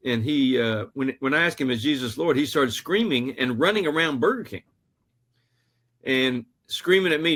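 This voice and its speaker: A man's voice: mid-range voice, expressive, normal speed, a bit bright. A man, an author, telling a personal story in an earnest, anecdotal way during an interview. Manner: earnest, anecdotal, with frequent restarts. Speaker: author and guest.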